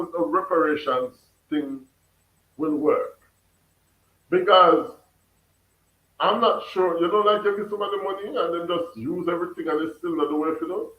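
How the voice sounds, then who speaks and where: A Jamaican man chats casually on a livestream, laughing and firing questions back at his viewers. His voice sits a little high for a man. He is set back from the mic in an echoey room. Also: far from the mic, narrow, tinny audio. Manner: laughs often, questions his chat, mixes patois. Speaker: livestream host reading chat. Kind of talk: casual chat.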